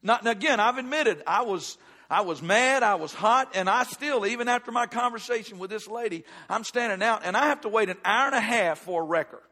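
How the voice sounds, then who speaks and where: A brisk, high-voiced pastor of middle age tells a personal story during his sermon, alternating forceful, loud declarations with softly hushed passages.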